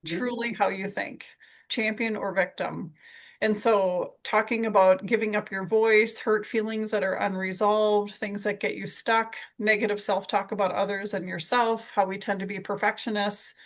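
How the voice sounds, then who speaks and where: A woman's voice: mid-range voice, fairly even intonation, normal speed. Upbeat woman hosting her team call, keeps saying how good it was, super encouraging. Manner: enthusiastic, encouraging. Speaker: sales team leader hosting a weekly call.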